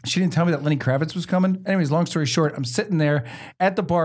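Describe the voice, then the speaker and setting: A young man hosts a comedy podcast and races through his anecdotes. His voice sits a little high, and he plays out every line of dialogue himself. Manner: fast storytelling, acts out quotes. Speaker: podcast host. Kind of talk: casual comedy chat.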